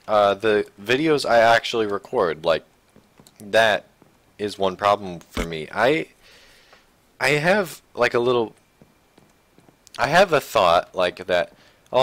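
A young man talking casually while playing a building game, rambling and restarting his sentences, low-key with sudden excited outbursts. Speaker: gaming channel host. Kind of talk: casual Minecraft let's play commentary.

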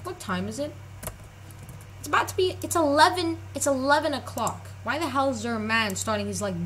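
Bright-voiced, jumpy young woman streamer. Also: on the high side, slight background noise, poor audio. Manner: jumpy, joking, self-mocking; slangy, casual. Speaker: game streamer. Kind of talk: live gameplay commentary.

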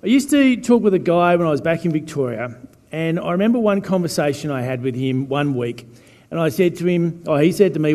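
A man gives a sermon in a loose, joking way, talking with his congregation. His voice sits a little high. The church hall lends it a long echo. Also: lively intonation, fairly quick, a little mellow. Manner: chatty, joking sermon delivery. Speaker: pastor.

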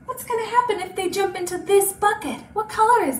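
A woman's voice: very high voice, fairly quick, few pauses. A woman librarian leading a children's storytime activity, gasping and exaggerating every reaction for small children. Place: library room. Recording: roomy and distant, faint hiss.

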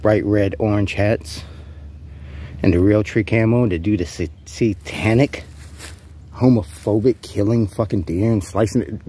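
A man's voice: on the low side, dark tone, a little hiss or hum. A man vlogging an in-character rant, rambling, profane and taunting an unseen rival.

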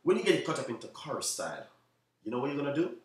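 Jamaican male chef hosting a live stream, quick and repetitive, heard from a distance in a roomy space. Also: mid-range voice, sing-song. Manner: repetitive, keeps saying "you know what I mean"; talks fast, by his own account. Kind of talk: live stream chat to viewers.

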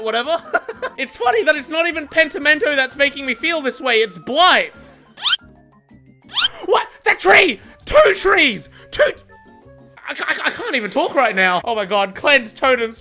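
Woman, gameplay commentary, excitable, self-mocking, bright sharp tone. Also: high voice. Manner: excitable, swears, laughs often, self-mocking. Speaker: gaming content creator.

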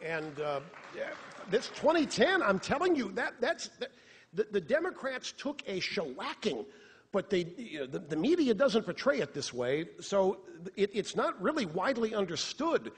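Husky-voiced man with a lively delivery. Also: sits high, moderate pace. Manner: animated, sarcastic, rhetorical. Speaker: radio talk show host on stage. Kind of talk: live political monologue. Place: theater stage before an audience. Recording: long reverb of a theater hall.

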